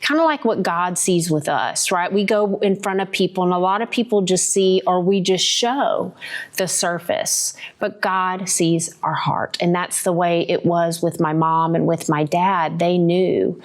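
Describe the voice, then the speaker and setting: Her voice sits on the low side as she, the host of a podcast, offers an honest, thoughtful account of her faith, regularly checking in with a short "right?".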